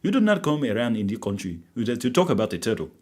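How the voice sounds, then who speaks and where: A man voicing Super Mario as a loud, rambling plumber who scolds turtles with stumbling threats. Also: fairly low pitch, sing-song, fast talker. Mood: blustering. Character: blustering male plumber hero scolding turtles.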